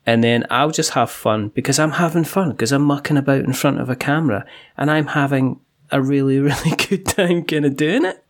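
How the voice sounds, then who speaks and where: A man from the UK hosts a loose podcast chat, rambling and laughing as he talks. His voice sits in an ordinary middle pitch. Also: fairly quick, hardly any pauses. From United Kingdom. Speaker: podcast host.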